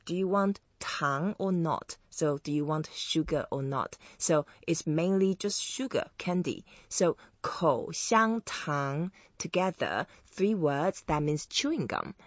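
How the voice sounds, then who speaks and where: A woman hosting an interview who teaches Chinese words, slowing down and stretching sounds to model the tones. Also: low voice, lively intonation, dry recording, dull audio. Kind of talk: friendly interview and language lesson.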